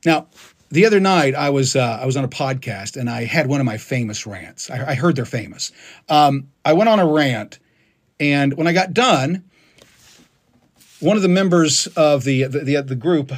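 Husky, animated man ranting passionately. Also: medium pitch, normal speed. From United States. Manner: emphatic, passionate ranting with many restarts. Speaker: political livestream host. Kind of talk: ranting monologue on a live stream.

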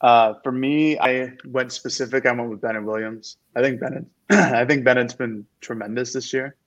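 A man in a casual sports chat, giving earnest and detailed breakdowns. He speaks at a middle pitch. His audio comes through a muffled, lo-fi mic. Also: steady tone, normal speed. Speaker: sports podcast co-host. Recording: dull lo-fi mic.

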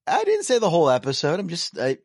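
A man's voice: fairly high pitch, huge pitch swings, fast, dry recording, clean studio sound. A man co-hosting a podcast in casual chat, rambling and self-deprecating with sarcastic humor. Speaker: podcast co-host.

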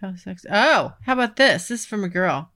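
A woman's voice: mid-range voice, sing-song, a little fast, fairly bright tone. A woman hosting a podcast, chatting frankly and teasingly and laughing often. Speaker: podcast host. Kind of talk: casual chat.

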